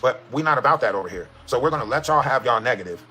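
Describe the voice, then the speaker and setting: A man's voice: mid-range voice, lively intonation, very fast, bright, forceful tone, slightly rough. A man in a livestream clip, ranting defiantly and ending his points with "right?". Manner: defiant, repeats "right?" often. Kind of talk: livestream rant.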